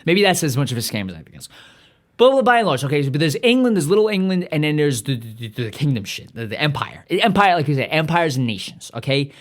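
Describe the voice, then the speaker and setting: A man hosting a podcast in a profane, rambling monologue, excitable and stuffy-nosed, often trailing off and restarting. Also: fairly high pitch, quick pace. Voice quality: stuffy nose. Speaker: podcast host.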